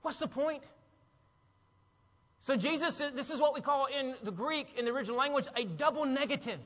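A man's voice: very high-pitched, moderate pace, fairly bright tone. A man preaching a sermon as a pastor, emphatic, repeating phrases and asking the congregation questions. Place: church sanctuary. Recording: long hall reverb, dull sound.

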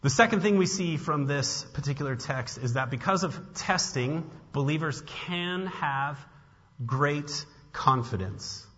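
A pastor preaching a conversational sermon, with frequent restarts and casual fillers. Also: male voice, fairly high pitch, animated, measured pace, a bit bright. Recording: dull sound with long hall reverb.

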